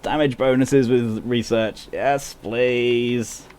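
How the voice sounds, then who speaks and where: A man's voice: mid-range voice, steady tone, slow pace, a little mellow, smooth. A man streaming a game, chatting wryly through his commentary and laughing often. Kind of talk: gameplay commentary.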